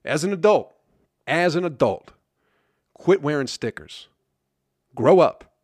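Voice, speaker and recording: A man's voice: fairly high pitch, expressive, slow, darkish tone, dry recording. A man hosting a solo podcast, ranting in a grumpy, sarcastic, profane way. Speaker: podcast host.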